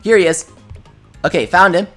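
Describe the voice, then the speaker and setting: A young man hosting a casual game livestream, reading chat messages aloud and reacting with excitement. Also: high voice, moderate pace, soft background music. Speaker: gaming livestreamer.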